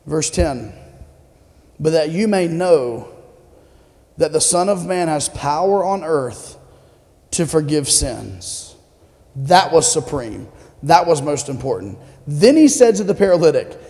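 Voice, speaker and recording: A man's voice: fairly high pitch, animated, unhurried, mellow. A man preaching a conversational sermon as a pastor, asking the congregation questions as he goes. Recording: long hall reverb.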